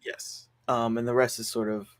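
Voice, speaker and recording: A man's voice: medium pitch, level tone, moderate pace. A man hosting a casual podcast, recapping a film's plot in a rambling way full of fillers. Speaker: podcast host reviewing a film.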